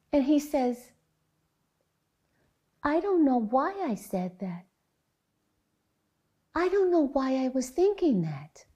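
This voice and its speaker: Slow, mellow-voiced woman giving a talk. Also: mid-range voice. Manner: measured, earnest storytelling. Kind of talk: prepared public talk.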